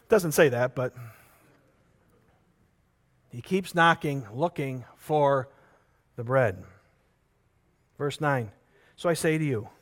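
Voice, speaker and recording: A man preaching a sermon, telling a parable with lively acted-out voices and earnestly urging his listeners with repeated questions. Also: high-pitched. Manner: animated storytelling, acting out characters in the parable.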